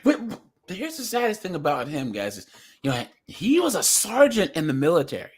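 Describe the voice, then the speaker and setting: Animated man hosting a reaction stream. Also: fairly high pitch, moderate pace, slightly rough. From New Jersey. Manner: animated, laughs often, chatty. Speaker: livestream host. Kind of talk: casual reaction livestream chat.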